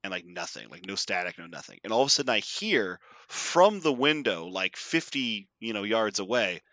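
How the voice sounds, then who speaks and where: Animated young man telling a story. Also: fairly low pitch, moderate pace, dry recording, lo-fi sound. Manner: animated, acts out quotes, laughs often. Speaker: podcast host. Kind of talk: casual storytelling chat.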